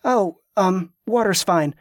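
A man's voice: high voice, slow, no echo, studio quality. A man reading aloud, voicing a young woman, the heroine, who speaks in an urgent, breathless way. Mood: hesitant.

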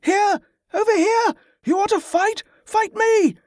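A frantic young monk in a storybook, yelling with everything he has in a shrill, strained voice far above a normal man's range. The shouts come out loud and desperate, recorded dry and close with no room sound. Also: slow pace, no room sound. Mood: frantic shouting. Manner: screaming at the top of his lungs.

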